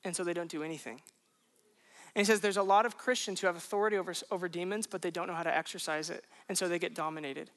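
A man preaching a sermon to a congregation, conversational and animated, breaking into emphatic punchlines. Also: sits high, quick pace. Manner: conversational, self-questioning asides. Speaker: pastor.

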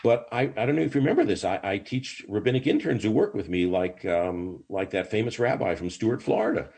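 An older man, a rabbi, telling stories in a podcast interview in an animated way, with many false starts. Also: fairly low pitch, a little fast, gravelly, breathy edge.

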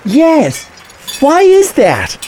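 An actor playing a bewildered, anxious gentleman who stammers and flusters, in a comic audio drama. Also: very high voice, huge pitch swings, drawn-out words, slight background noise, exaggerated voice. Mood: flustered.

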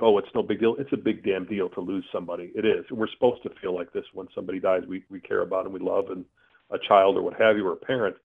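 A middle-aged man comes through a thin, phone-line sound as a guest recounting his own story. He talks earnestly and with animation, and his voice sits on the low side. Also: gravelly. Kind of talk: telling a personal story in conversation.

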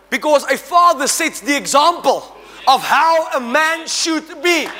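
A middle-aged man preaching a sermon to a congregation, animated and humorous, rising to shouts and drawing call-and-response. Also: extremely high pitch. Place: church hall. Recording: church hall reverb.

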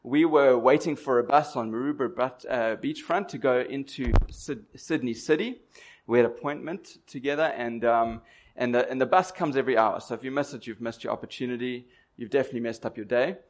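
Brief: male preacher, medium pitch, casual storytelling sermon, asks the room questions. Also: a little fast. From Durban, South Africa. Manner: conversational storytelling with rhetorical questions.

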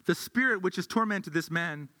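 Male pastor, high-pitched, bright voice; chatty sermon with restarts in a reverberant hall. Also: animated, moderate pace. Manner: conversational, thinks aloud with restarts.

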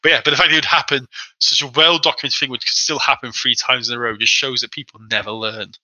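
A man telling a story in a casual podcast chat, quick and animated, acting out the people he quotes. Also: mid-range voice, no room sound, low-quality recording. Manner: fast, animated anecdote-telling with acted-out quotes. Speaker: podcast guest.

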